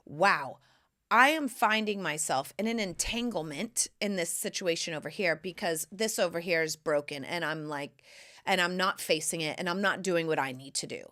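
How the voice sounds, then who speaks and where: A woman hosting a podcast, telling candid, profane stories in a brash, animated way. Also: fairly low pitch, normal speed. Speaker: podcast host. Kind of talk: candid storytelling monologue.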